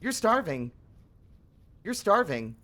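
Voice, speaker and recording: A man mimicking a relentless, mocking video game voice that nags over and over in a high, singsong tone, pitched well above a normal speaking voice. It sounds a little louder and pushier than ordinary talk. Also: big pitch swings, slow, exaggerated voice. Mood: nagging. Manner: singsong, repetitive nagging.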